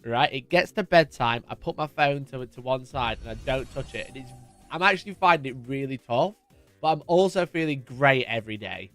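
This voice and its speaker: A man's voice: mid-range voice, animated, fairly quick, fairly bright tone, soft background music. A man hosting a live stream, chatting casually and jokingly greeting viewers by name as he reads their messages. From United Kingdom.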